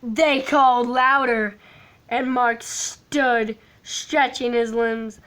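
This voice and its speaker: A woman's voice: on the high side, steady tone, drawn-out words, fairly bright tone. A woman casually reading a fan story aloud, often stumbling over words and adding chatty asides. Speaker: fan fiction reader.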